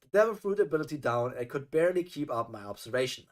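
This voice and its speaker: Animated man reading a story aloud. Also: a little high, quick pace. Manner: animated, exasperated asides. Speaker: reaction streamer. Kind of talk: reading a fan story aloud with live reactions.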